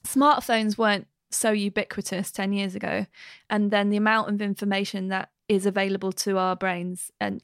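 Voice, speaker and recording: A woman hosting a casual interview, friendly and quick, asking long questions. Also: medium pitch, no room sound, studio quality. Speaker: podcast host.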